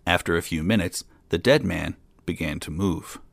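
A man reading a fairy tale aloud in a calm, steady storytelling manner. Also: deep voice, moderate pace, vocal fry, slightly rough, no echo.

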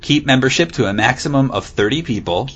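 A man's voice: medium pitch, expressive, a little fast, fairly bright tone, husky, dull audio. A man co-hosting a casual podcast, reading a news article aloud and often breaking into laughter. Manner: giggly, amused, reads with playful emphasis. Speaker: podcast co-host.

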